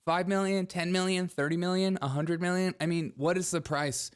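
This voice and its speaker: A man's voice: high-pitched, fairly even intonation, normal speed, a little hiss or hum. Sarcastic man riffing on headlines. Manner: sarcastic, laughs often, riffs on headlines. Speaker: podcast host. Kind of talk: comedic political commentary.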